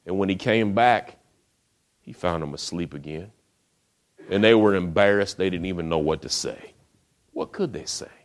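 Man, preacher, deep low voice, storytelling sermon, rhetorical questions. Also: moderate pace, long pauses. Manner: storytelling, rhetorical questions, casual modern phrasing.

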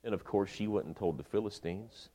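A male preacher with a lowish voice retells a story in a chatty, colloquial sermon. He keeps it animated and conversational, and he addresses his listeners directly. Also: a little fast.

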